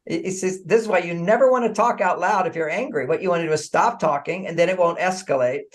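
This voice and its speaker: A man speaking as an author guest in a podcast interview. He is animated, chuckles often and repeats words as he restarts his sentences. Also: high voice, fast. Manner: animated, acts out dialogue, frequent chuckles.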